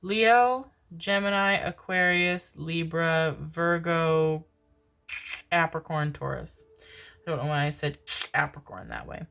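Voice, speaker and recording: A woman with a notably low voice reads tarot cards for her viewers in a loose, chatty way. She keeps calling them "my darlings" and laughs at her own slips. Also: takes it slowly, creaky, a bit bright, clear, resonant tone. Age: adult parent. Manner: chatty, self-mocking, calls listeners "my darlings", laughs often. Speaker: tarot reader. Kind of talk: casual tarot reading to viewers.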